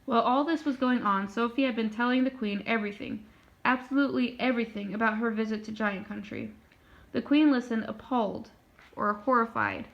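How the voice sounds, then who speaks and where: A woman reading a children's book aloud in a steady, plain narrating voice. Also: fairly high pitch, brisk, vocal fry. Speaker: storyteller. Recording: dull lo-fi recording.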